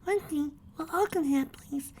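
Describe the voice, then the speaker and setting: A woman voicing a sweet little filly pony who comforts her brother, in a very high childlike voice. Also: normal speed. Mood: comforting. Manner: gentle and comforting.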